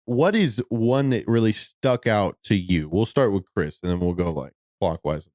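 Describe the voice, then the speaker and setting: A man's voice: fairly low pitch, moderate pace, darkish tone, dry recording, clean studio sound. A young man co-hosting a podcast in casual chat, laid-back and steering the discussion. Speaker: podcast co-host.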